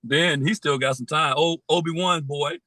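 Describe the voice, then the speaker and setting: Dude on a sports podcast, bright punchy voice, steady and plain, says man a lot. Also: on the high side, normal speed, no room sound, poor audio. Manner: steady and plain-spoken, tags lines with "man". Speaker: podcast co-host. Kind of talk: casual sports debate.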